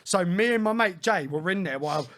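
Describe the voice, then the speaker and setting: A man telling lively, laughing stories as a guest on a casual podcast. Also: sits high, brisk. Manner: animated, laughs often, acts out quoted voices. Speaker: guest DJ and producer.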